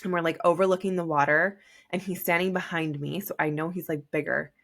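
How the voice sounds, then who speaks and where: A woman's voice: fairly low pitch, steady tone, brisk, vocal fry, fairly bright tone. A young woman hosting a podcast, telling a personal story in a casual, chatty way, full of "like.". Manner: chatty, heavy use of "like". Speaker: podcast host.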